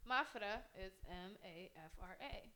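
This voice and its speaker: A woman in her thirties, a podcast guest, telling stories in blunt, profane, animated casual chat. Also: mid-range voice, a little fast, crowd noise.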